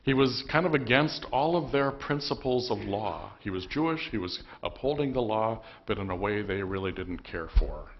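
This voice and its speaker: A man's voice: lowish voice, highs cut off. A man preaching a sermon as pastor, telling the story conversationally with emphatic bursts. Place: church.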